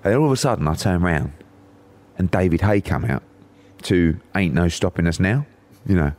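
A man's voice: low-pitched, lively intonation, fairly quick, darkish tone. A middle-aged man, a boxing promoter, telling a long story on a podcast and acting out the voices of other people. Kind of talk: anecdotal storytelling.

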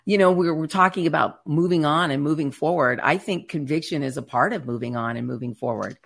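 Emphatic slangy woman, lowish voice. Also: fairly quick, creaky, husky. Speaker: podcast co-host. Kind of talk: candid faith chat.

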